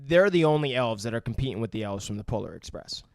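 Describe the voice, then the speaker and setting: A podcast co-host in casual movie-review chat, joking and profane. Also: male voice, medium pitch, animated, fast talker, darkish tone, no room sound, clean studio sound.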